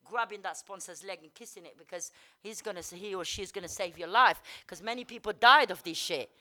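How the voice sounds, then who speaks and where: A woman giving a blunt, candid personal recovery testimony, swearing freely and dropping many "you know"s. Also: medium pitch. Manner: fast and energetic, rising and falling in loudness. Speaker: speaker sharing at a recovery meeting.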